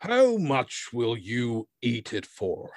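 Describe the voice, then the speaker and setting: A man reading aloud and voicing a smug, wealthy prankster who drawls his words slowly and teasingly. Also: mid-range voice, huge pitch swings, no echo, studio quality. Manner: slow drawl, mock-jolly.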